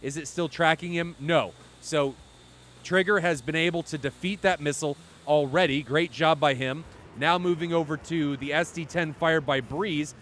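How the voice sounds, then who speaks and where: A man with a slightly high voice calls a flight-sim match live, chatty and quick to correct himself. A faint hiss of noise sits under his voice. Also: steady tone, fairly bright tone. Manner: chatty, reads chat aloud, corrects himself often. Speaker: esports commentator. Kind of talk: live play-by-play commentary.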